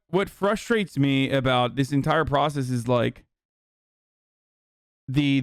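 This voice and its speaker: A man's voice: medium pitch, smooth, no echo, clean studio sound. A man doing livestream political commentary, heated and profane, rambling through restarts as he reacts to chat. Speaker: political streamer.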